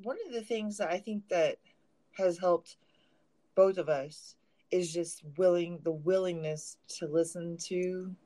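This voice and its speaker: A woman with a slightly low voice co-hosts a casual podcast. She talks bluntly and swears freely, often poking fun at herself. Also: steady tone, unhurried, dark tone. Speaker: podcast co-host. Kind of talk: casual chat.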